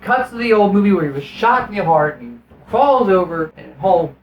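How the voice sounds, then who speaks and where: A man's voice: high-pitched, very animated, normal speed, echoey room, highs cut off, a little hiss or hum. A man giving a casual film review in a profane, sarcastic, exasperated rant. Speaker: movie reviewer.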